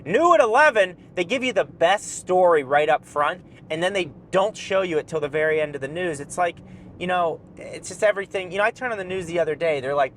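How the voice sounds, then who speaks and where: A man's voice: a little high, brisk, a little hiss or hum. A young man rambling and joking through a casual driving vlog from inside his car. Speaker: vlogger.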